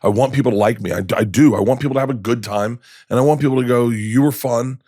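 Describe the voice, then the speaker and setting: Male comedian, podcast guest, animated storyteller, mid-range voice, dry close mic. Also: mid-range voice, rapid-fire, husky, no room sound. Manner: animated, acts out the people in his stories. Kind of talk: casual storytelling interview. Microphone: studio podcast mic.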